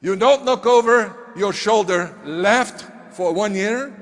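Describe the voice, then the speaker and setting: A man's voice: sits high, slow pace. A man voicing a small, blunt male business mentor who speaks in broken English and presses the same question over and over. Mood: insistent. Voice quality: broken English, insistent repetition. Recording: reverberant hall.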